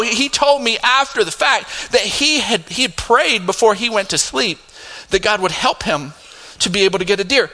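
Middle-aged male pastor, high bright voice, animated storytelling sermon, long hall reverb. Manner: animated, laughing asides, rising to emphatic highs. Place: church sanctuary.

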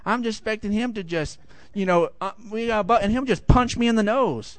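A middle-aged man preaching a sermon, telling a lively personal story and swinging high for the quoted voices. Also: brisk, hardly any pauses. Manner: animated storytelling, rising high for acted quotes. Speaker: pastor.

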